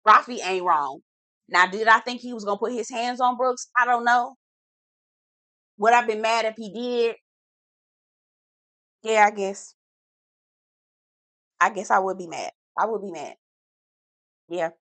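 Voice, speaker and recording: Bright, sassy woman recapping gossip. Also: on the high side, a little slow, pauses often, dry recording. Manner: sassy, dramatic, full of slang asides. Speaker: reality TV recap vlogger. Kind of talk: casual gossipy episode recap.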